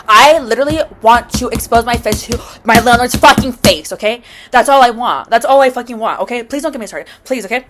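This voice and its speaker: A woman's voice: fast talker, a little hiss or hum. Profane, dramatic woman ranting. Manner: dramatic, swears constantly; swings from loud outbursts to low mutters. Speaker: vlogger. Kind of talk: storytime rant.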